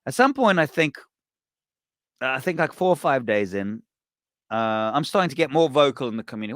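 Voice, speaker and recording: A man hosting a podcast, telling a story in a casual, animated way, swearing and acting out what people said. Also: medium pitch, moderate pace, pauses often, dry recording, studio quality. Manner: animated, swearing, acts out quoted voices. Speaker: podcast host.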